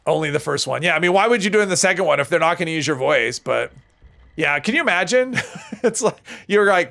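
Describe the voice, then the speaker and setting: A man talks through a game on a live stream, rambling to his chat and often correcting himself mid-thought. His voice sits a bit high for a man, with a gravelly rasp. His pitch swings up and down a lot. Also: lively intonation, fast, pushed and bright. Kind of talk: casual gameplay commentary while reading chat.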